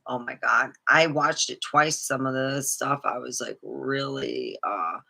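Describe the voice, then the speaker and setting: Woman, rambling vlog monologue, swearing, sarcastic, bright voice. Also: rumbling low, animated, unhurried, creaky. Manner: rambling, swearing, jumps between topics; sarcastic, laughs at her own jokes. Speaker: vlogger. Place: alone in her room.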